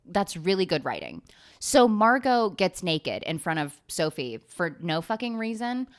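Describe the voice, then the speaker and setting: A woman's voice: on the low side, sing-song, measured pace. A young woman hosting her own show, rambling sarcastically through a TV recap, swearing freely and laughing often. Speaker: podcast host. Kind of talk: casual comedic recap.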